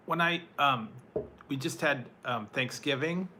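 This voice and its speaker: Fields: Sex: man. Role: food reviewer answering chat. Style: casual rambling live-stream talk. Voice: bright, forward. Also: fairly high pitch, measured pace, slight background noise. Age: adult, once married. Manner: rambling, with fillers and laughs.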